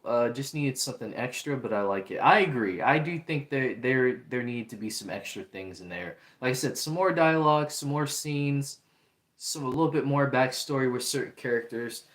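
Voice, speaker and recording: Earnest man talking on a livestream. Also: medium pitch. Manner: earnest, repetitive, reads out chat comments. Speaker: livestream host. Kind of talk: casual livestream talk. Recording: roomy echo.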